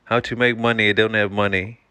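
A man's voice: on the low side, level tone, fairly quick, pushed and bright, clear, resonant tone, no room sound. A man co-hosting a podcast in laid-back casual chat, wrapping up with advice. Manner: laid-back, gives backchannel agreement. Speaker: podcast co-host.

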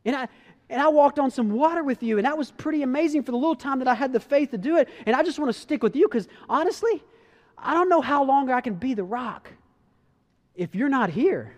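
A man preaching as a fervent, frightened disciple, pitched high and pushing hard. He pleads and insists in a raised, urgent voice. A long reverb of a large hall trails each line. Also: expressive, fairly quick. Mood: pleading. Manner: pleading, impassioned, emphatic. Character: eager, frightened devoted male disciple, adult.

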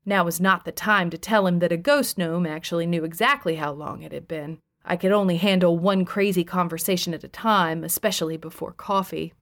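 A woman's voice: on the low side, steady tone, brisk, hardly any pauses, a bit bright. A woman reading a first-person audiobook in a wry, conversational storytelling voice. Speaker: audiobook narrator.

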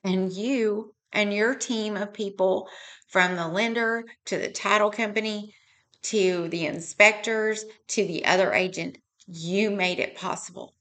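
A woman's voice: mid-range voice, steady tone, unhurried, fairly bright tone. A woman hosting a podcast, talking earnestly and with feeling, working through numbers aloud and at times tearing up. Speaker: podcast host. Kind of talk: heartfelt podcast monologue.

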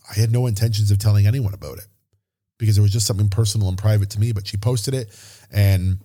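A man's voice: on the low side, dark tone. A man hosting a podcast, telling a personal story in an earnest, openly emotional way. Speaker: podcast host.

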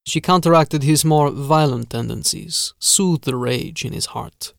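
A man voicing a sinister, formal castle steward who speaks softly and drags out his vowels. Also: fairly high pitch, creaky, no room sound, clean studio sound. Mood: sinister calm. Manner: soft, measured, drawn-out vowels.

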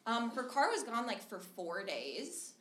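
With a voice on the high side and a measured pace, a young Minnesotan woman recounts a funny story on stage, animated, talkative, and laughing throughout. Loud background noise and echo fill the live room.

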